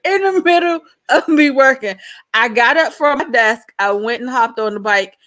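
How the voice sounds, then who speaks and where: Middle-aged woman cohost, playful and buzzing with energy, kinda high voice, chatty. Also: moderate pace. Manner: lively, excitable, playful. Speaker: co-host. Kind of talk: casual online show chat.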